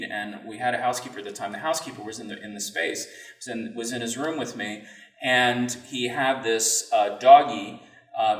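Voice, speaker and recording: Earnest man telling a story, roomy sound. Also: medium pitch. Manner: earnest, reflective, halting. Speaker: podcast guest. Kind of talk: personal storytelling in an interview. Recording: roomy sound, mic at a distance.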